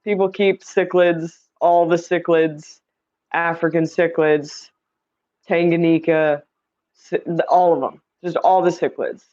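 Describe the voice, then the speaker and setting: A chatty woman from Indiana hosts a casual livestream on her streaming setup mic, reading viewer comments aloud and greeting viewers by name. Her voice is fairly low, level in tone, a little slow, and somewhat dark, and the recording is muffled.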